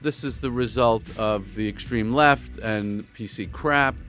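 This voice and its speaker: A man's voice: lowish voice, a little slow, a bit bright, soft background music. A man in an interview making emphatic complaints. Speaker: interview guest. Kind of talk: interview talk.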